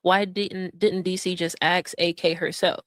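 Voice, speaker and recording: A woman's voice: fairly low pitch, level tone, measured pace, dry recording. A woman hosting drama commentary, sarcastic and laughing as she mocks and mimics others. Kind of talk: mocking commentary over stream clips.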